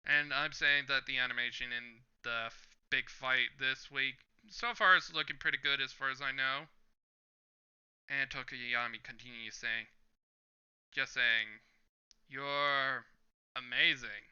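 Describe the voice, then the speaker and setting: Brief: a man hosting a casual manga read-along, unhurried, crisp and clear voice, slightly muffled lo-fi sound. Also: medium pitch, steady tone, pushed and bright. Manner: describes panels one by one and reads lines aloud. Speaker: manga reaction video host. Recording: slightly dull lo-fi recording.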